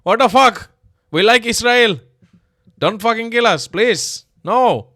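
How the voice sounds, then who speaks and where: A man's voice: very high-pitched, expressive, slow pace, bright, forceful tone, no echo, studio quality, pitched above the performer's own voice, heavily acted. A man voicing a group of panicked, terrified men pleading not to be hurt, shrieking and cursing.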